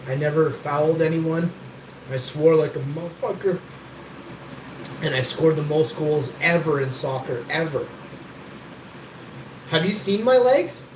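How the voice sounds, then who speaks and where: A boastful, foul-mouthed man rambles through a story, his voice sitting a little high. The room rings with echo, and a steady background noise runs underneath. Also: unhurried, pauses often. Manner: boastful, swears freely, rambling. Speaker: livestream host.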